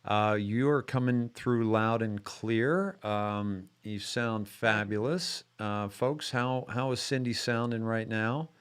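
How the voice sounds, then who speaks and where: A man's voice: fairly low pitch, takes it slowly, few pauses, smooth. A man hosting a live-streamed show in casual chat, rambling with many restarts and fillers.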